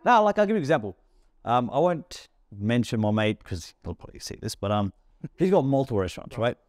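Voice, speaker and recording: A man, a restaurant founder, telling stories in a casual podcast interview and acting out bits of dialogue. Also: medium pitch. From Australia. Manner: rapid, animated storytelling with acted-out dialogue.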